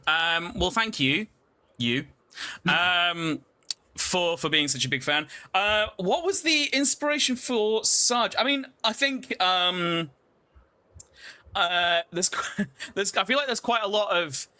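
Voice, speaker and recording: Casting: man, high and very bright voice, hesitant, giggly creator answering fan questions. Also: lively intonation, takes it slowly. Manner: hesitant, lots of fillers and giggles. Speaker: show creator and game master. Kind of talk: casual livestream chat.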